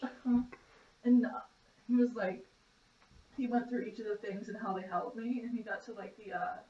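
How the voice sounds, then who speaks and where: A woman's voice: fairly high pitch, fairly even intonation, normal speed, mellow, reverberant, far from the mic. Teenage woman telling a story. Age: teens. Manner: storytelling with quoted voices and laughter. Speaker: podcast co-host. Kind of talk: casual chat. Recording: dull lo-fi recording.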